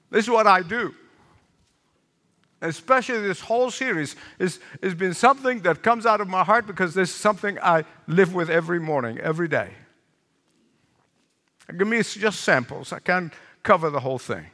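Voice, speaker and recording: Older man, pastor, sermon, repeats key phrases, bright forceful tone, long hall reverb. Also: a little high. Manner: animated preaching, repeats phrases for emphasis, asks the congregation questions.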